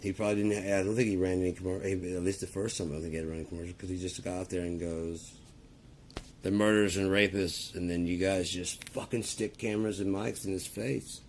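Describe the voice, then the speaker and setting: A man's voice: low voice, flat delivery, fast, few pauses, darkish tone, a little hiss or hum. A man ranting in a casual, profane and rambling way, talking to the camera. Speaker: vlogger. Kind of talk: casual rant.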